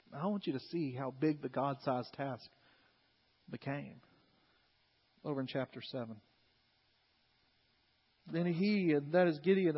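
A pastor preaching a sermon, animated and conversational, retelling scripture and acting out its figures in asides. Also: male voice, on the high side, slightly rough. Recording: long hall reverb, dull lo-fi sound.

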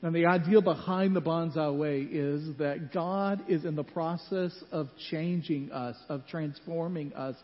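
Unhurried yet with few pauses, a man with a voice on the high side preaches in a church sanctuary. He tells animated stories and acts out the quoted voices, and the recording is a muffled hall with long reverb.

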